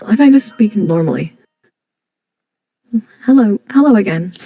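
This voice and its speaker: A woman's voice: medium pitch, lively intonation, moderate pace, warm tone, faint music behind, poor audio. A young woman streaming and chatting casually over voice chat, blurting things out and swearing.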